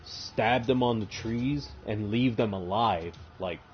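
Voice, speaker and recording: A man's voice: lowish voice, slow, lo-fi sound, slight background noise. A man streaming a game, casually retelling a story in a rambling way with lots of swearing. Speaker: gaming streamer. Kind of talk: casual lore retelling while playing.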